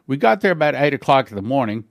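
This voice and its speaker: A man's voice: mid-range voice, sing-song, fast talker, creaky, no echo, clean studio sound. A man giving an earnest spoken testimony in a sermon, telling his story plainly with small slips and acting out the voices of others. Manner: acts out dialogue with shifting voices.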